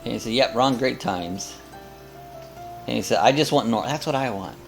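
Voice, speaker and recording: A man's voice: medium pitch, moderate pace, vocal fry, soft background music. An older man hosting a casual live chat, rambling and chuckling as he reads viewer comments aloud. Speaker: host of a live coffee chat.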